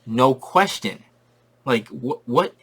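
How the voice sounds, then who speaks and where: Excitable man ranting about a movie. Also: medium pitch, slow, husky. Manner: excitable, slangy, repeats himself for emphasis. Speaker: movie reviewer. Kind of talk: casual spoiler review rant.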